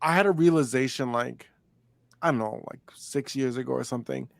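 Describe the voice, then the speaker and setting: A young man co-hosts a casual chat podcast in a medium-pitched voice with vocal fry, talking fairly quickly. His delivery is laid-back and rambling, full of fillers and restarts. There's no room sound on the recording.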